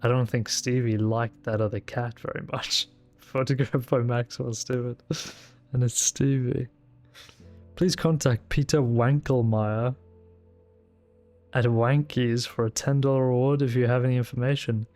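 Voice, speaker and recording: A man's voice: medium pitch, steady tone, unhurried, a little mellow, faint music behind. Man musing aloud while reading. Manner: musing aloud, chuckling asides. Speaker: tabletop game player. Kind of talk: casual streamed role-play, reading aloud.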